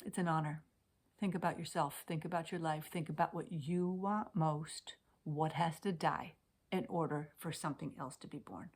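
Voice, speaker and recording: Lady talking into her computer cam, lowish voice, goes whispery then loud and passionate. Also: steady tone, normal speed, husky. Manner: intimate, swings from soft whispers to emphatic declarations. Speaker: Swedish death cleaning coach. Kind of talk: heartfelt direct-to-camera talk. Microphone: webcam on a computer.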